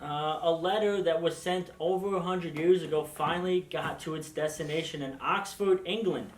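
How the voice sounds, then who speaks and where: A man hosting a comic news segment, delivering absurd items deadpan. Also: a little high, moderate pace. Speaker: news host. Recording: roomy echo.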